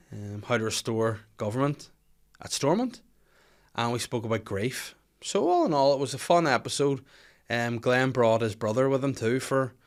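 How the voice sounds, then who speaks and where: A Northern Irish man hosts a casual podcast at an everyday middle pitch. He jokes and teases as he goes. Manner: joking, teasing. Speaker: podcast host. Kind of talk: casual chat.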